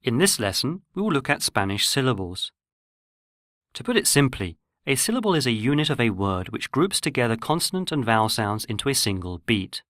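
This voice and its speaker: A man giving scripted, measured narration for a pronunciation lesson. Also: mid-range voice, sing-song, a bit bright, no echo, clean studio sound. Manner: measured, explanatory. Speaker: language course narrator.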